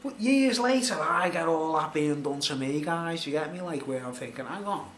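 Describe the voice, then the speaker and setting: A man's voice: on the high side, normal speed, fairly bright tone. Rambling man, roomy echo. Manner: rambling, filler-heavy, conversational. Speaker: vlogger. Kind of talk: rambling personal storytelling. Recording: roomy echo, faint background noise.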